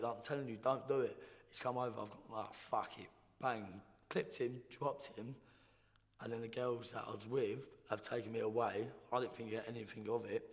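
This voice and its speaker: A young man, telling his life story in a blunt, slangy, halting way as a podcast guest. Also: on the low side, gravelly. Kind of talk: casual storytelling. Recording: roomy hall reverb.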